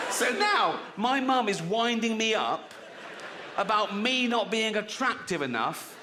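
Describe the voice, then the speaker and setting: A man's voice: sits high, big pitch swings, a little slow, background noise. A middle-aged man doing stand-up, talking bluntly and chattily and often laughing at his own jokes. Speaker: stand-up comedian. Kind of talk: stand-up comedy set. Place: live venue with audience. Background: audience laughter and applause.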